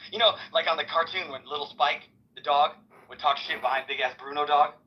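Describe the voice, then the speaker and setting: A man's voice: a little high, fairly quick. A man co-hosting a podcast in slangy, emphatic casual chat, often repeating himself. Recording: dull lo-fi sound.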